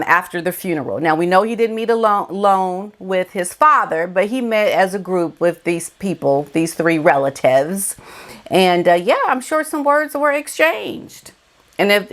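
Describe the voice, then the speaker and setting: A woman vlogger giving casual celebrity gossip commentary, emphatic and colloquial, repeating key words for effect. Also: medium pitch.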